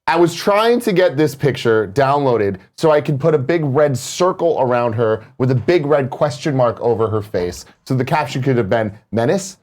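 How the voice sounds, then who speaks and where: A man's voice: mid-range voice, expressive, normal speed, few pauses, darkish tone. A man co-hosting a casual talk show, telling a playful story about his household. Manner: playful, mock-defiant. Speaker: show co-host.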